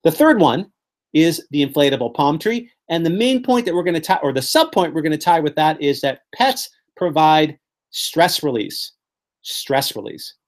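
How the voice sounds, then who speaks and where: A man teaching a room full of people, his pitch swinging up and down as he spins colorful little scenes. His delivery is playful and animated, like a presenter who enjoys painting pictures with words. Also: moderate pace. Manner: animated, playful storytelling with vivid imagery. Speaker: presenter teaching memory techniques. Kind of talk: live workshop teaching.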